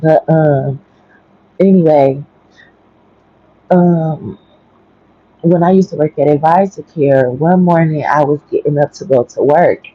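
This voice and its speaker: A woman's voice: deep voice, no room sound, highs cut off. A woman who has just woken up, telling a rambling story on a casual morning livestream from home and keeping her voice down. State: just woke up. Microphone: headphones with mic.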